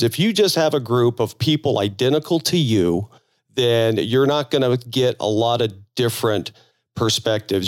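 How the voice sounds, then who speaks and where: A man's voice: medium pitch, no room sound, studio quality. A man co-hosting a podcast, talking in a rambling, earnest way and repeating words as he goes. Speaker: podcast co-host. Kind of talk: casual podcast chat.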